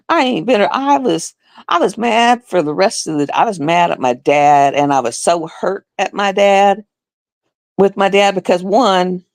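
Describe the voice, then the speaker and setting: A low, gravelly woman, telling a story on a live stream. She sounds indignant, repeats herself, and jumps into a higher voice to act out other people. Her voice sits close and dry on the mic. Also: expressive, normal speed, dry recording.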